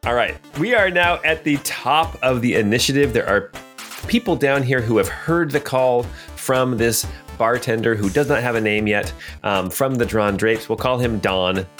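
A man narrating as game master of a tabletop role-playing game, relaxed, with filler ums. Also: medium pitch, normal speed, faint music behind.

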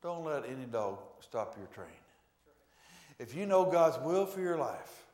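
A male pastor delivering a sermon in a church, preaching emphatically with sudden loud swells. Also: a little high, sing-song, unhurried. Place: church sanctuary. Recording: echoey church room.

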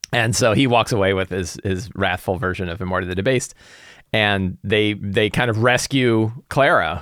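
A man's voice: lowish voice, a bit bright, no echo, clean studio sound. A man who runs tabletop games, casually recapping a session and planning the next one, with lots of fillers and restarts. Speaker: game master. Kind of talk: casual game-prep vlog.

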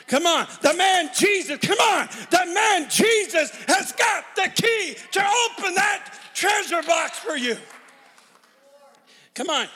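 A man preaching a revival sermon in a large church, shouting and urging the crowd with constant "come on"s. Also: very high-pitched, expressive, slow. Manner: repeats "come on" constantly, call-and-response urging. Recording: long reverb of a big hall.

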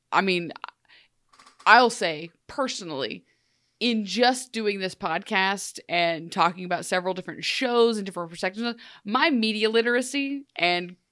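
A woman's voice: medium pitch, fairly bright tone, smooth, no echo, clean studio sound. A young adult woman co-hosting a podcast, chatting casually and sarcastically about a TV episode. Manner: chatty, sarcastic asides, acts out quotes. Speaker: podcast co-host. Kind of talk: casual TV recap chat.

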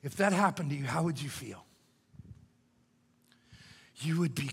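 An older man preaching a sermon as pastor, moving from loud cries to hushed whispers. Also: fairly high pitch, lively intonation, measured pace, vocal fry, slightly rough. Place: church sanctuary. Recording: church hall reverb.

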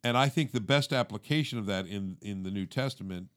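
A man co-hosting a faith podcast, explaining scripture in a casual, animated way and acting out everyday inner thoughts. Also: on the low side, a little fast. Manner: animated, acts out inner monologue; calls listener "dude". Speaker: podcast co-host. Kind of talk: conversational teaching.

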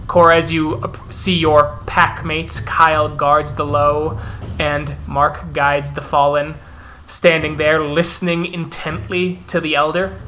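A man's voice: on the high side, level tone, slow, a bit bright. A man narrating a tabletop role-playing game as game master.

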